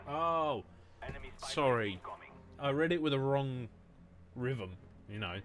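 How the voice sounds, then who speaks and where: A man's voice: mid-range voice, animated, slow pace, long pauses. A man with an Essex accent, rambling and swearing in a jokey way while streaming a shooter game. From England. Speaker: gaming streamer. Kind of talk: casual livestream commentary. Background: game gunfire.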